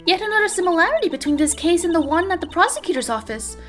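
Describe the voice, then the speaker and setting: A woman commenting casually as she plays through a video game, blunt and quick to swear. Her voice is high and bright with lively swings in pitch. Faint game music runs under her talk. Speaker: gaming streamer. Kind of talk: casual let's-play commentary.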